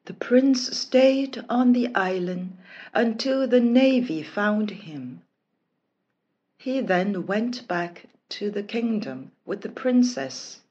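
A woman narrating a children's storybook in a slow, expressive, careful reading voice. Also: mid-range voice, breathy edge, dull audio.

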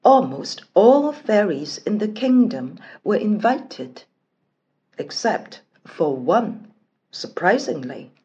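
Very slow, expressive woman storyteller. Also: medium pitch, dull audio. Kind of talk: storybook narration.

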